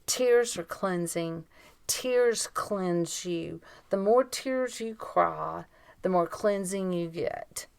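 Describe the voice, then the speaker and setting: Slow, gravelly woman co-host. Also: lowish voice, no room sound. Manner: earnest, emphatic, slow and deliberate. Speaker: podcast co-host. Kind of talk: casual chat.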